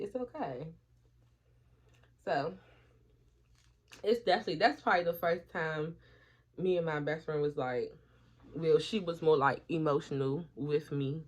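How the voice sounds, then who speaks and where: Profane, animated woman vlogger. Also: low voice. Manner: profane, animated, acts out quoted friends. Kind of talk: casual storytelling chat. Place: at home, doing her hair while talking. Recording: dull lo-fi audio.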